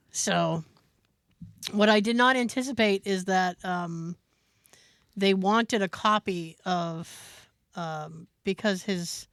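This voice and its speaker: A female podcast co-host with a fairly low-pitched voice recounts a story during casual chat, playing out the dialogue of the people she quotes in an animated way. The sound is clean studio audio with no echo.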